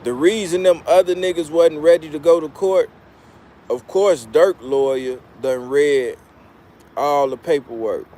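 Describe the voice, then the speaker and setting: A man's voice: on the high side, unhurried, mellow. A man hosting a casual live-stream commentary, talking bluntly with heavy profanity and frequent restarts. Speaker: commentary channel host.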